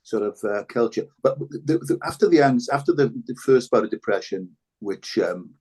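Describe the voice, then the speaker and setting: A man's voice: medium pitch, animated, moderate pace, a little mellow, slightly rough. An older Welsh man, a former rugby fullback, talking reflectively as a podcast guest, often repeating words and restarting. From Wales. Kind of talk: reflective interview talk.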